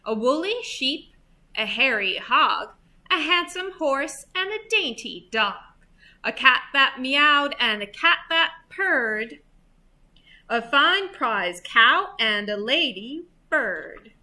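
A woman reads a children's picture book aloud for young listeners, playful and animated. Her voice is high and very bright, and she reads slowly. Her pitch swings widely up and down. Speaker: library storyteller.

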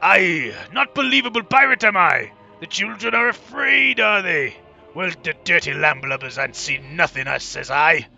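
A man voicing a boastful, gruff male pirate captain of a submarine, talking in a theatrical, blustering way. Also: sits high, big pitch swings, normal speed, pitched above the performer's own voice, full character voice. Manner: blustering, theatrical, shouting threats. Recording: slightly dull lo-fi with faint game music.

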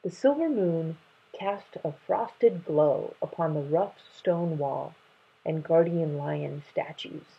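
Very breathy woman reading a storybook. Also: deep voice. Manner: slow, gentle storytelling. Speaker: storybook reader. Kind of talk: reading a children's book aloud. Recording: dull lo-fi recording.

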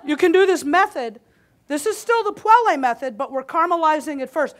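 A woman with a high, animated voice talks briskly while giving a live cooking demo on a conference hall kitchen stage. She chats and jokes with the audience as she cooks, sounding slightly winded.

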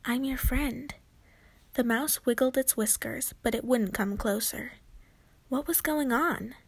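A woman's voice: on the high side, unhurried, slightly rough. Woman reading a children's book aloud. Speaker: narrator.

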